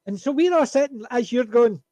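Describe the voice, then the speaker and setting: A man chatting on a panel, telling an animated anecdote and chuckling at his punchlines. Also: very high-pitched, fairly quick, no echo. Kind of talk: casual storytelling chat.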